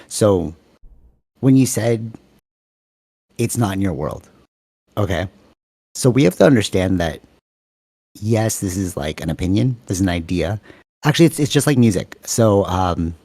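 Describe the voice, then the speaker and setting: A man with a lowish voice talks in a quick, animated, rambling way as a podcast co-host. He is on a video call. The sound is dry and close. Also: no room sound. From Canada. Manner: fast-talking, rambling, animated. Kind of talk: casual chat.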